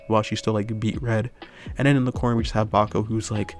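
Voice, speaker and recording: A man's voice: on the low side, little pitch movement, fast, faint music behind. A man improvising a fan story aloud in a rambling way, full of fillers and tag questions. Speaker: channel host.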